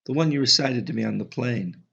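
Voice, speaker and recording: A man's voice: mid-range voice, brisk, vocal fry, sharp tone, slightly rough, full character voice. A man voicing a charming, playful teenage boy who talks in an easygoing, teasing way. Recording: slightly dull lo-fi audio.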